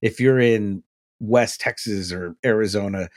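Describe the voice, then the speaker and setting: A man's voice: lowish voice, measured pace. A married man on a podcast, chatting casually, telling a story with lots of swearing and breaking into laughter. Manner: animated storytelling, laughs often, swears freely. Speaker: podcast co-host. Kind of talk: casual chat.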